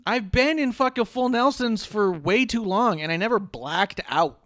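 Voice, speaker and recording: A man's voice: high-pitched, animated, normal speed, fairly bright tone, no echo, clean studio sound. A man co-hosting a podcast, chatting casually about wrestling in rambling, joking, profane banter. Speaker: podcast co-host. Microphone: podcast microphone.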